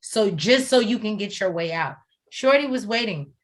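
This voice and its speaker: A woman's voice: medium pitch, expressive, normal speed. Woman in her 40s, blunt and sweary, chatting about a reality show, cohost energy. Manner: blunt and profane. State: tired, coughing. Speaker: co-host. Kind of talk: casual chat.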